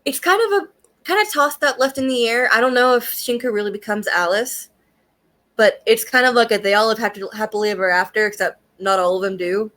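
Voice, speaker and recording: Fairly high-pitched, bright and a little fast, a young woman chats about an anime she's reviewing. Her casual take is profane, loaded with fillers like "like" and "um," and broken up by frequent laughs.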